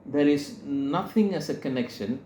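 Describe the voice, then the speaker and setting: A man speaks at middle pitch, in the unhurried way of someone teaching a group. He tells his story through quoted dialogue and often stops mid-phrase to correct himself. The room around him is echoey, with a faint hum underneath. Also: warm tone. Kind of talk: sermon-style teaching talk.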